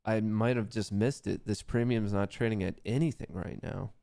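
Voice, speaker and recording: A man's voice: on the low side, steady tone, normal speed, gravelly, dark tone. A man hosting a live trading stream, chatting casually to viewers and muttering anxious repeated questions to himself, sometimes dropping to a near whisper. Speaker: livestream host trading stocks.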